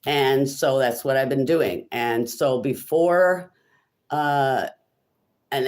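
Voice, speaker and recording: A woman's voice: very deep voice, a little mellow. A woman from Illinois talks casually on her own live stream. She rambles from one thought to the next, fills gaps with ums and stops to reply to comments from her viewers. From Illinois, USA.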